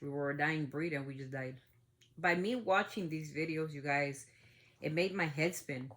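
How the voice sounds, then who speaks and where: A woman's voice: deep voice, normal speed, fairly bright tone. A woman hosting a family podcast, talking in a heated, outspoken way and swearing freely. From United States. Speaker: podcast host. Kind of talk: casual opinion talk.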